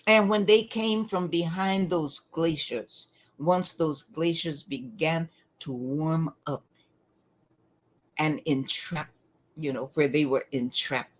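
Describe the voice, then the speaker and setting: A woman with a low voice gives deliberate, emphatic lecture-style commentary, often pausing to pose rhetorical questions. The audio quality is poor.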